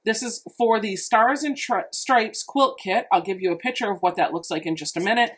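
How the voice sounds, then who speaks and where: A woman's voice: mid-range voice, moderate pace. A woman quilting vlogger giving a chatty, enthusiastic unboxing walkthrough, thinking aloud as she goes. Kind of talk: casual unboxing narration.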